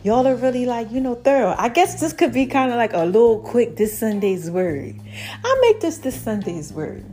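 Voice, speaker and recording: A woman hosting her own faith podcast in a casual, preachy monologue, animated and laughing often. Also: on the high side, moderate pace, faint music behind. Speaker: podcast host.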